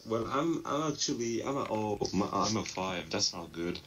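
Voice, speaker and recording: A man playing a tabletop game in a goofy, excitable, self-mocking way. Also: fairly low pitch, moderate pace, slight background noise.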